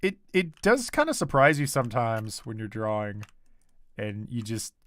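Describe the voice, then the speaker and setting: A man's voice: mid-range voice, moderate pace, no room sound. A young man casually chatting on a livestream as he draws, reading comments aloud and laughing often. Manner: animated, reads chat aloud, laughs often. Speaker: artist streaming his drawing. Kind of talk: casual livestream chat while drawing.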